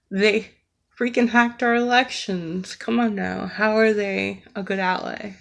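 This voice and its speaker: A woman's voice: medium pitch, creaky. A woman from the United States delivering an earnest, emotional rant, with frequent hesitations and fillers as she talks. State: emotional, near tears. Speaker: vlogger.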